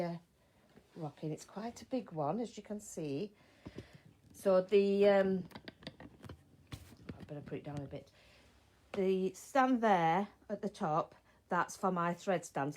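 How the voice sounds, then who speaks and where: A middle-aged English woman with a slightly low voice chats through a live sewing session from her home sewing room. She sounds tired and keeps greeting viewers by name. She trips over her words now and then as she talks. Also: darkish tone, slight background noise, rough recording. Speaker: sewing channel host. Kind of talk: live-streamed sewing chat. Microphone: phone or camera mic.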